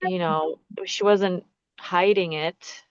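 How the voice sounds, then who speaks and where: A woman's voice: lowish voice, fairly even intonation, slow, no echo, muffled recording. A woman sharing her experience in a casual group chat, earnest and hesitant with many ums. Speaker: participant.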